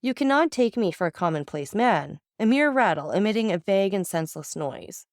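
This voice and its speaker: A sorrowful nobleman speaks in a calm, measured, earnest voice, as a woman reads him aloud in an audiobook. The sound is dry and close, with no room around it. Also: mid-range voice, dry recording, close to an everyday voice. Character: grave, melancholy adult male count. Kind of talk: audiobook reading.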